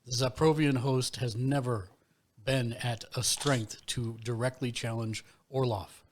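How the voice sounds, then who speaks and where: A man's voice: medium pitch, fairly even intonation, a little slow, slight background noise. A man playing a tabletop game, speaking in character with grand, formal declarations. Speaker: player. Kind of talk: in-character roleplay speech.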